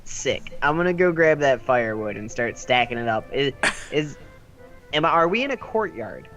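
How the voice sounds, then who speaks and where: Man, tabletop player, hesitant, filler-heavy, mid pitch, faint music. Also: sing-song, normal speed, a bit bright, muffled recording. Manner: hesitant, many fillers while planning. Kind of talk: casual tabletop game chat.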